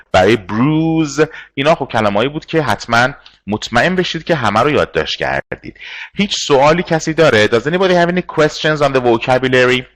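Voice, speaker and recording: A man with a Persian accent teaching English vocabulary in an online class, speaking example sentences slowly and switching into Persian. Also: lowish voice, fairly bright tone, low-quality recording. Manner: slow, spells out example sentences, mixes in Persian.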